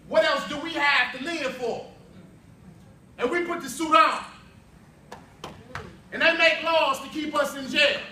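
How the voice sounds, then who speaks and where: A high, bright-toned man performs spoken word with fervent, rhythmic repetition that rises into shouts. He is heard from a distance in an echoey hall. A faint murmur of ambience sits behind him. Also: a little hiss or hum. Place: youth summit hall.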